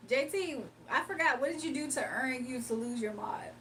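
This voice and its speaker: Chatting casually on her late-night livestream, a woman from Virginia reads comments aloud and keeps laughing, her talk easygoing and full of slang. She speaks at a normal speed in a high, fairly bright voice. Recorded from afar, the poor audio has slight hiss or hum.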